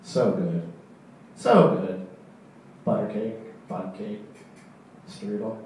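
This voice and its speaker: Man, stand-up comedian, deadpan, halting, very echoey room, far from mic. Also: medium pitch, slight background noise. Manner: deadpan, halting delivery with many fillers. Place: comedy club stage.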